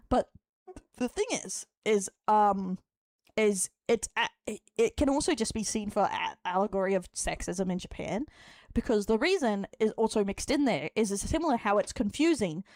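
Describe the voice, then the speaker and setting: A woman's voice: medium pitch, no room sound. Rambling Australian woman streamer. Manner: rambling, laughs often, swears. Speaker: streamer reacting to a clip. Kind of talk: casual chat.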